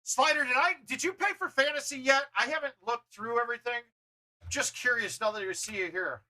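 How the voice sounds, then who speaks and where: A man hosting a gaming livestream, chatting casually, loud and blunt, swearing freely. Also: very high-pitched, brisk, low-quality recording. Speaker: livestream host.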